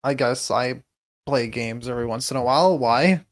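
A player in a tabletop role-playing game who rambles playfully and stumbles over the words. The voice sits at a middle pitch. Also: normal speed.

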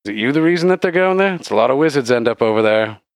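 A man's voice: mid-range voice, expressive, racing, dry recording, clean studio sound, voice pushed up, close to an everyday voice. A man voicing a friendly, chatty orc bartender in a loose semi-Australian accent, rambling and conspiratorial. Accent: attempted semi-Australian. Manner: chatty, rambling, laughs between lines.

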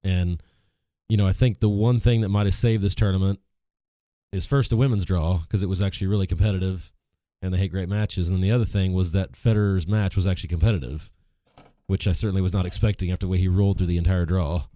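A man co-hosts a casual podcast, easygoing and quick to laugh. His voice is very deep and dark, and he talks fast. The sound is dry and close. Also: fairly even intonation, no room sound. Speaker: podcast co-host. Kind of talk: casual chat.

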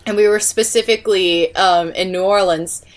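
A woman from California on a podcast, telling stories in a lively way and laughing often. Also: medium pitch, normal speed. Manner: animated storyteller, laughs often. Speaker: podcast co-host. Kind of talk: casual chat.

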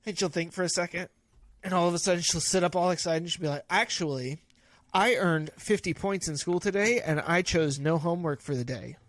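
A man's voice: fairly high pitch, a little fast, fairly bright tone, no echo. A man in his thirties co-hosting a casual podcast chat, easygoing and reflective, acting out quotes from his daughter. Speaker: podcast co-host.

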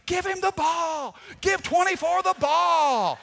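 A pastor voicing his proud, insistent mother yelling from the stands at a game. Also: extremely high pitch, takes it slowly, long reverb tail, voice pushed up, full character voice. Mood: yelling proudly. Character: proud loud middle-aged mother cheering at games.

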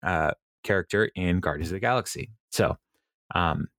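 Chatty low-voiced man recapping a show. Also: normal speed, fairly bright tone, no room sound, clean studio sound. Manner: rambling, many fillers, laughs at own retelling. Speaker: podcast host recapping a TV show. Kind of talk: casual chat.

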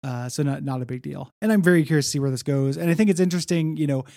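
Male podcast co-host, gravelly, relaxed, rambling delivery, dry close sound. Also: on the high side, racing, no room sound. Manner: laid-back, rambling with many fillers. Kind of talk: casual comic book discussion.

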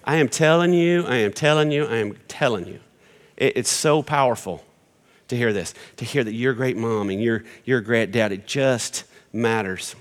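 A middle-aged man preaching in a big church hall, joking and acting out little quoted lines. His pitch sits in the middle for a man. A long reverb trails after each phrase. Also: normal speed. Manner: animated and joking, acts out quotes. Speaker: pastor. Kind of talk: sermon. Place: large church hall with congregation.

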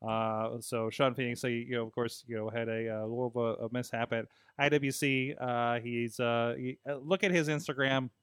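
A man's voice: mid-range voice, fairly even intonation, moderate pace, hardly any pauses, a bit bright, clear, resonant tone, no echo, clean studio sound. A man hosting a casual wrestling podcast, rambling with lots of fillers and frequent laughter. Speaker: podcast host. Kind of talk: casual chat.

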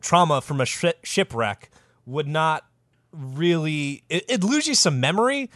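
A man hosting a casual podcast, telling a historical story with animated delivery and plenty of cursing. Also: a little high, unhurried, no room sound. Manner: animated, lively delivery with sudden voice put-ons.

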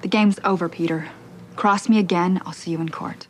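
A woman's voice: on the low side, fairly even intonation, moderate pace, a little hiss or hum, lightly acted. An actress playing a ruthless businesswoman who speaks in a clipped, threatening way, from a TV drama. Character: ruthless cold businesswoman, adult.

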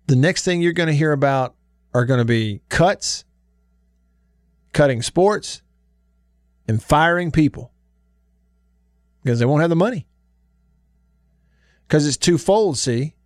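A man hosting a sports radio show, chatting in a folksy, easygoing way with drawn-out emphasis. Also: medium pitch, a little mellow, no room sound, studio quality. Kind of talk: casual sports talk radio. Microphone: studio microphone.

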